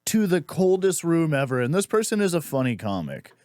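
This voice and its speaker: Comedian dude on a podcast, swears a lot, voice jumps all over, dry close mic. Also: male voice, fairly high pitch, fairly quick, no echo. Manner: animated, profane storytelling with voiced quotes. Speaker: podcast host and stand-up comic. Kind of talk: casual podcast chat.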